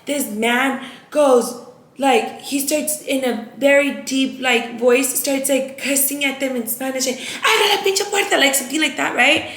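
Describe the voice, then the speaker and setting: A young woman vlogger telling a story to her viewers in a casual, animated way, peppered with "like.". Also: high voice, echoey room. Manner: animated, rapid, heavy use of "like".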